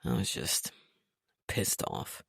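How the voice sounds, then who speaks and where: A woman voicing a short-tempered male billionaire boss who talks in a clipped, rough way. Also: very deep voice, sing-song, normal speed, no echo, studio quality, voice pushed down, heavily acted. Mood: sheepish.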